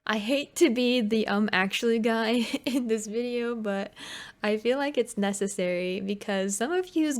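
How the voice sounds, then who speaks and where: Woman host, casual commentary, blunt, swears freely, fairly high voice.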